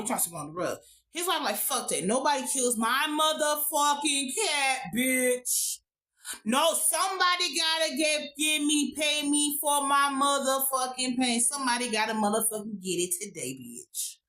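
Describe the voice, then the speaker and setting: An American woman reviewing a TV episode in a casual vlog. She talks in a profane, animated way with lots of asides. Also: a little high, low-quality recording. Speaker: TV show reviewer.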